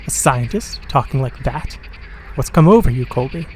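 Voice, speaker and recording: A man's voice: mid-range voice, animated, normal speed, slight background noise, close to an everyday voice, low-quality recording. A man playing an obsessed, hot-tempered older professor who talks down with scorn. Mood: scornful. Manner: scornful, driven.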